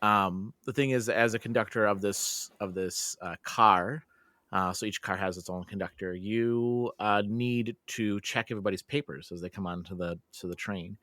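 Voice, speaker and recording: A man's voice: fairly low pitch, normal speed, sharp tone, dry recording. A man hosting a podcast, chatting casually and telling a story with laughs and lots of filler words. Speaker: podcast host.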